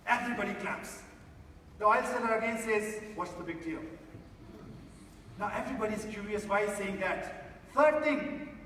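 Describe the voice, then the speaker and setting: Cast: high-pitched male motivational speaker, emphatic, theatre reverb. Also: bright, forceful tone, recorded from a distance, slight background noise. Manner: emphatic, addresses the audience directly. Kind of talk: inspirational stage talk with a story. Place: large theatre stage. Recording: echoey theatre hall from afar.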